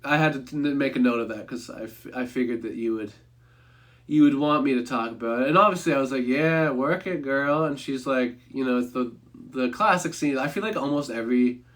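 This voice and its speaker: A man's voice: medium pitch, brisk, a bit bright. A young man casually talking through a movie review on a livestream, rambling and correcting himself with offhand humor.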